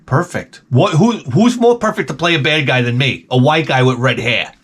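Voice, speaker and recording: A man's voice: a little high, lively intonation, normal speed, a bit bright, slightly rough. A man hosting a gaming channel, riffing through a rambling comedic monologue full of jokes, swearing and tangents. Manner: profane, joking, rambling tangents.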